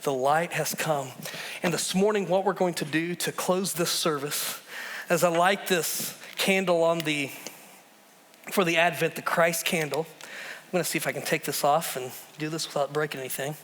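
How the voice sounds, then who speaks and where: A middle-aged man preaching a sermon as pastor in a church, telling stories with lively swings between loud bursts and hushed, slow drops, often repeating words as he builds. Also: a little high. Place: church sanctuary. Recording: long reverb of a large hall.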